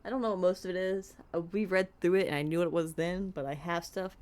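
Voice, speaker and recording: A woman's voice: fairly low pitch, fairly even intonation, quick pace, darkish tone. Casual, self-deprecating woman streamer on a desk mic at home. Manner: chatty, self-deprecating, talks to her cat. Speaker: streamer playing a game. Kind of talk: casual let's-play chat. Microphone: desk microphone.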